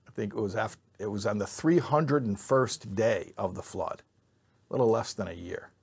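A man's voice: fairly low pitch, moderate pace, vocal fry, darkish tone, husky. A man teaching an informal Bible class to a live group, joking and quizzing his listeners. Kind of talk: informal Torah class with audience.

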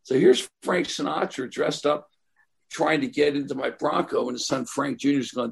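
A man's voice: medium pitch, steady tone, moderate pace, vocal fry, breathy edge. An older man telling long, rambling anecdotes in a casual interview, full of "like" and "you know". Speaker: guest. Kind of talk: casual storytelling.

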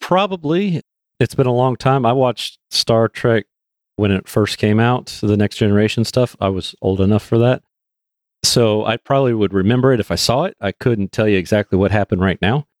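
A man with a fairly low voice chats on a podcast, mostly chiming in with short replies and loose recollections. The sound is dry and close to the mic. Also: normal speed, dry recording. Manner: brief agreeing replies, casual recollection. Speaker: podcast co-host. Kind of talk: casual podcast chat.

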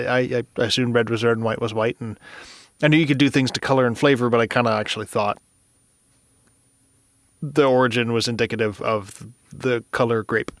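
A man's voice: mid-range voice, a bit bright, dry recording. Man, podcast co-host, casual chat, laughs a lot, restarts sentences, dry recording. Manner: rambling, laughs often, stumbles and restarts.

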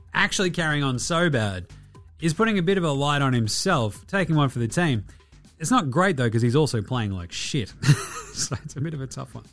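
A man's voice: medium pitch, a bit bright. An Australian man in his thirties hosting a casual sports podcast, sweary, irreverent and rambling. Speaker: podcast host.

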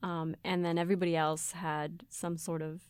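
A woman taking part as a guest in a casual discussion, making her points in a measured, analytical way. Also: on the low side, little pitch movement, darkish tone, smooth, no echo, studio quality.

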